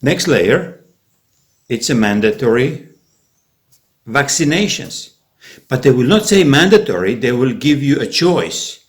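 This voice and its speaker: A man rants through a rambling vlog monologue at a middle pitch. He talks sarcastically and conspiratorially, often stopping and restarting his sentences. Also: sing-song, measured pace, long pauses. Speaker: vlogger.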